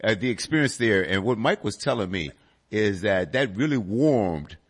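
A man's voice: fairly low pitch, animated, moderate pace, husky. A man hosting a casual chat, prompting his guest to tell the story. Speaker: talk show host.

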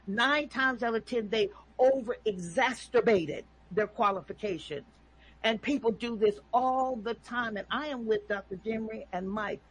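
A woman speaks with a husky, slightly rough voice. She pushes her points hard in a preachy, emphatic way and keeps tacking "okay?" onto her sentences. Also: on the high side, moderate pace, poor audio. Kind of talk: impassioned opinion talk.

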